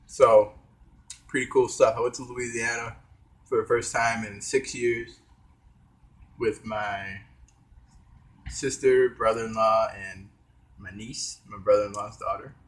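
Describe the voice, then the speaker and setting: A man's voice: fairly low pitch, steady tone, unhurried, pauses often. A young man vlogging in a rambling, hesitant casual monologue, talking while eating with his mouth full. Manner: hesitant, trailing off, many fillers.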